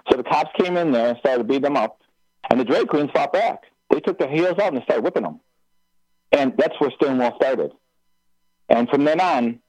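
A man's voice: mid-range voice, darkish tone, no room sound. A man calling in to a radio talk show, speaking with passion and rambling through many restarts. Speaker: caller. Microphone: telephone. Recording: dull phone line.

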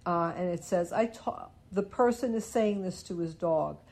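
A woman's voice: lowish voice, normal speed, gravelly, a little mellow. A woman hosting a radio show in casual chat, rambling and stopping to correct herself with small chuckles.

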